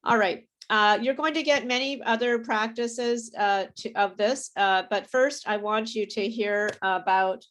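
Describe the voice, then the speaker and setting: In a fairly bright, higher-pitched voice, a woman runs a live online pronunciation class for English learners. She speaks a little slowly with few pauses, patiently saying words over so students can copy her, and lets out a light laugh from time to time.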